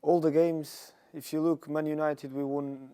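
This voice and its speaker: A man's voice: a little high, little pitch movement, unhurried, crowd noise. A man whose first language is Portuguese, a footballer answering interview questions thoughtfully, restarting phrases as he goes. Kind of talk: post-signing interview.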